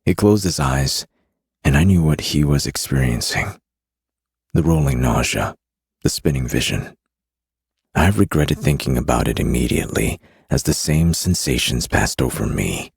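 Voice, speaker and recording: A man narrating a dark fantasy audiobook in the first person, with a steady, grim delivery. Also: very deep voice, unhurried, creaky, breathy edge, dry recording, studio quality.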